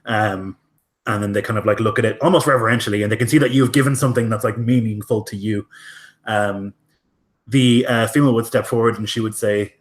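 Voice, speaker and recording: A man runs a tabletop game, describing scenes in a casual, hesitant way with many fillers. His voice sits on the low side. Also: steady tone, brisk. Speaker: game master.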